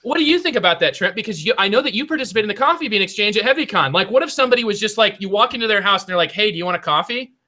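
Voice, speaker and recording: High, bright-voiced rambling young man. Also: expressive, rapid-fire, hardly any pauses. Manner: rambling storyteller with many restarts. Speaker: podcast co-host. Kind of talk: casual chat.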